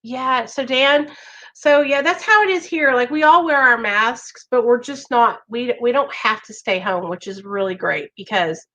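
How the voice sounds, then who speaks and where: A woman's voice: a little high, moderate pace, bright, forceful tone, lo-fi sound. A woman hosting a recovery live stream, talking straight to her viewers in an earnest, reassuring way. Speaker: recovery livestream host.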